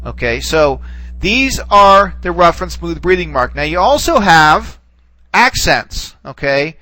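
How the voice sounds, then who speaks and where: A man's voice: a little high, big pitch swings, slow, bright, forceful tone, low-quality recording. A man teaching a recorded lesson, explaining step by step and often checking in with "okay?" while he types on screen, trailing off and repeating words as he works.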